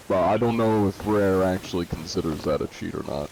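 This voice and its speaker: A man's voice: sits low, normal speed, noisy background. A man streaming a pirate game live, reading viewer comments aloud and answering them in a joking, laid-back way. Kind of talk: casual live-stream chat while gaming.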